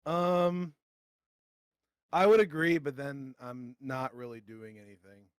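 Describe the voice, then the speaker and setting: A man's voice: mid-range voice, takes it slowly, smooth, no room sound, clean studio sound. A man co-hosting a podcast, telling rambling stories with lots of swearing. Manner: swearing, rambling, animated storytelling. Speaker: podcast co-host. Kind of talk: casual comedic chat.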